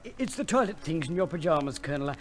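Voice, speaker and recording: An actor playing a prim, deferential manservant in an old radio play, fussy and flustered. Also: male voice, on the high side, expressive, very fast, natural voice. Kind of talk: 1950s radio play acting.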